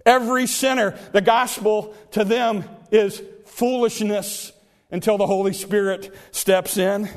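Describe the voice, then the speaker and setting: A man delivers an impassioned sermon in a high voice. He keeps repeating his phrases and bursts into loud cries when he acts out the scripture stories. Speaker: preacher.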